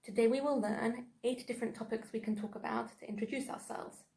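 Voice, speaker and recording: A woman teaching a lesson in a clear, measured way. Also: on the high side, steady tone, darkish tone, low-quality recording. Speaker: English teacher. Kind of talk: online language lesson.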